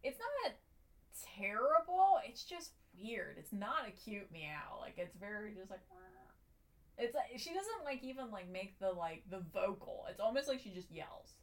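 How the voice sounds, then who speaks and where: A young woman co-hosting a podcast, talking easily and steering the conversation. Her voice sits at a middle pitch and her speech is full of casual filler words. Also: big pitch swings, measured pace. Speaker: podcast co-host. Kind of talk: casual chat.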